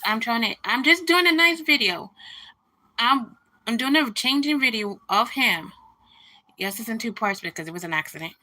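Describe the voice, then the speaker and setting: Bright-voiced woman venting on a livestream. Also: a little high, animated, normal speed. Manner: indignant venting, greets viewers between rants. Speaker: livestream host. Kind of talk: casual livestream chat.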